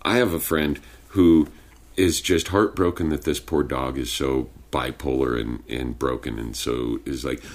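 A man's voice: very deep voice, fairly even intonation, measured pace. A young man chatting casually, telling rambling, profane stories in a laid-back way. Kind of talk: casual chat. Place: home studio with sound blankets.

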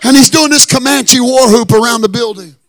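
A hoarse male pastor, telling a story in a sermon and building to shouted preaching in a church. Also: very high-pitched, a little fast. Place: church sanctuary.

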